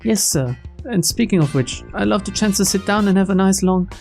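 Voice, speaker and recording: Jittery young cop guy stammering out sorrys, a man doing the voice, pitch pushed up, gravelly edge. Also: brisk, a little mellow, faint music behind. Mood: nervous. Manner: stammering, apologetic, raised pitch. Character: nervous young male cop on the phone.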